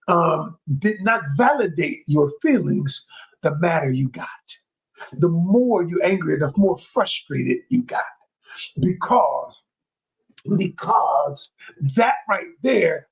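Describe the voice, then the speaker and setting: A man coaching an audience, talking emphatically, repeating key phrases and speaking straight to his listeners, sometimes lowering his voice to show calm. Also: gravelly, husky, poor audio. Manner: emphatic and repetitive, addresses listeners directly; drops his voice low to demonstrate calm. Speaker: communication coach. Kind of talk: motivational talk to an audience.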